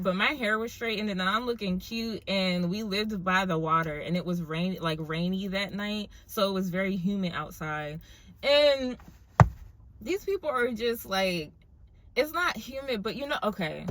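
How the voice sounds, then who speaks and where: A young woman casually telling a story to her viewers in an animated, chatty way, full of fillers. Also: medium pitch, a little hiss or hum.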